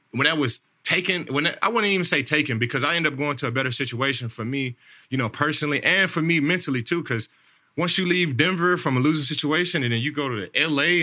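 Bright-voiced man telling a rambling story. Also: on the high side. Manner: rambling, repeats words, says "man" and "like" a lot. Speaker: podcast host, NFL player. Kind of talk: casual storytelling chat.

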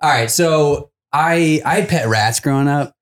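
A man's voice: fairly high pitch, unhurried. A man on a comedy podcast telling a childhood story in casual chat, laughing often and acting out the people in it. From Los Angeles. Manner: animated storyteller, acts out voices, laughs mid-sentence. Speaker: comedian guest.

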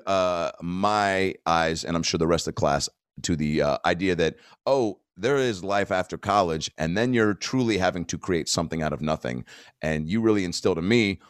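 A man from the Seattle area hosts a casual interview in a very deep voice. His delivery swings widely in pitch as he tells stories animatedly. The sound is close and dry. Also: no room sound. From Seattle area, United States. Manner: animated storyteller. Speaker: host.

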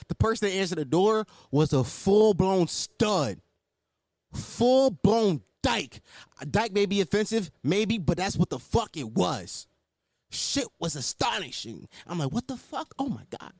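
Animated man telling a profane story. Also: sits high, dry recording, clean studio sound. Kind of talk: casual storytelling.

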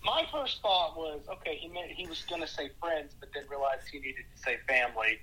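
A man's voice: fairly high pitch, expressive, brisk, sharp tone, a little hiss or hum, rough recording. A man calling in as a guest on a sports podcast, talking in a wry, joking way. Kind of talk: casual phone-in interview.

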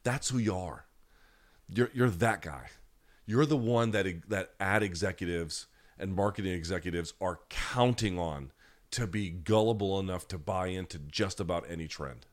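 Deep-voiced and speaking at normal speed, this live chat host delivers a blunt, profanity-heavy rant. Now and then he mocks others in put-on voices.

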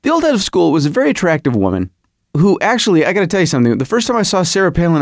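A middle-aged man hosting a podcast, telling a comic story in a rambling, animated, self-mocking way. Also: fairly high pitch, quick pace, no echo, studio quality. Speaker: podcast host. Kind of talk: comedic podcast monologue.

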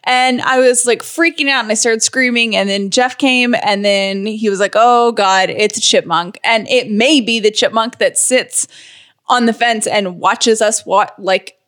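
A woman co-hosting a podcast in casual chat, telling a story quickly while upset and close to tears. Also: fairly high pitch, fairly even intonation, fairly bright tone. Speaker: podcast co-host.

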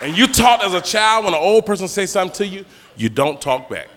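A man doing a stand-up comedy routine, telling slangy, animated stories and acting out the characters. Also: high voice, brisk. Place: comedy stage before a live audience. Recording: live club hall with crowd noise. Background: audience laughter.

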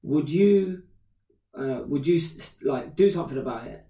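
A man in his thirties, a podcast co-host, telling a story in casual chat, animated and swearing freely. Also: on the high side, normal speed. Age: 30s. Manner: animated, swears freely, acts out quoted voices. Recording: roomy echo, distant from mic.

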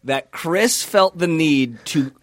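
A man's voice: on the high side, lively intonation, slow, no echo, studio quality. A man who is a podcast guest, telling a laid-back story in casual chat and slipping into mock impressions.

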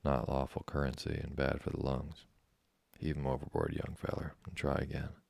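A man voicing a gruff, dry old fishing-schooner skipper in a slow, folksy dialect, read as part of an audiobook. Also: very deep voice, completely flat delivery, a little mellow, no echo, heavily acted. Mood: dry, unhurried. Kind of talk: audiobook character reading.

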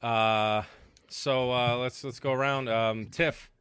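A man's voice: medium pitch, fairly even intonation, slow pace, a bit bright, smooth, dry recording, studio quality. A man hosting a casual basketball postgame show, loose and swearing as he runs the panel. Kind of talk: casual podcast chat.

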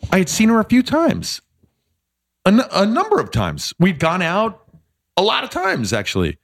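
A middle-aged man, a podcast guest, telling a story in a casual chat, animated and self-deprecating. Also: high voice, normal speed.

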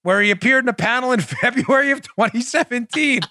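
A man hosting a political podcast, delivering sarcastic, mocking commentary in an animated way. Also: very high voice, fairly quick, no room sound, studio quality. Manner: mocking, animated, laughs at own jokes. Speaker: podcast host.

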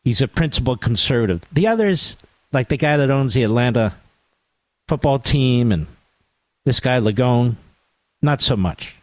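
Male radio host, middle pitch, biting and sarcastic, dry close-mic studio sound. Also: moderate pace, pauses often, no room sound. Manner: sarcastic, animated, asides to his producer. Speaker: radio talk show host. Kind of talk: opinionated political talk radio monologue.

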